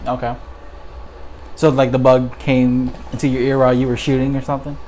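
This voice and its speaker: A man's voice: medium pitch, little pitch movement, brisk, warm tone, a little hiss or hum. Man hosting, reacting in short bursts. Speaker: podcast host. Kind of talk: casual chat.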